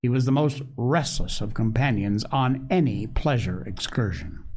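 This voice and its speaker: A narrator giving an expressive read-aloud of an old-fashioned children's storybook. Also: medium pitch, moderate pace, slightly rough.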